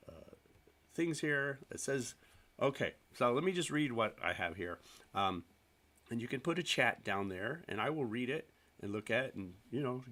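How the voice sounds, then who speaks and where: A man's voice: lowish voice, sharp tone. A man hosting a live stream, chatting casually with viewers in a rambling, self-deprecating way. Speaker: livestream host.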